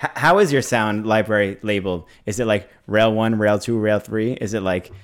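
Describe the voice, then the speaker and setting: A man's voice: on the low side, normal speed. Easygoing male podcast host. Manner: easygoing, laughs often. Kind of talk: casual interview chat.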